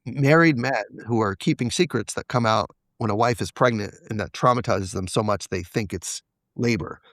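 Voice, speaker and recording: A man's voice: fairly low pitch, normal speed, a bit bright, dry recording. A man as a podcast guest, candidly telling a personal story and acting out the quoted dialogue. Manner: confessional, acts out quoted dialogue.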